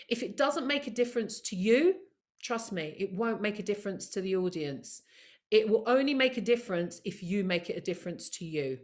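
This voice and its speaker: A woman presenting a live online training session over a video call, lively and encouraging, talking straight to her attendees. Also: mid-range voice. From of Caribbean heritage. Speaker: workshop presenter.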